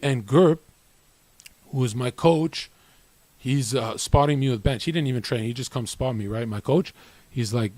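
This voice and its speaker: A young man holds forth to his stream audience in a cocky, profane ramble, bragging and mimicking other people as he goes. His voice sits at an ordinary male pitch. The sound is dry and close, with no room echo. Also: measured pace, darkish tone. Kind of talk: casual monologue to viewers.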